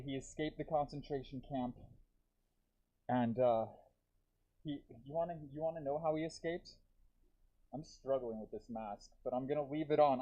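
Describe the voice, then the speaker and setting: A man performing a live stand-up set with dark, deadpan jokes and self-aware asides to the audience, talking through a deer mask. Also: on the high side, rough recording. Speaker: stand-up comedian. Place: comedy theater stage.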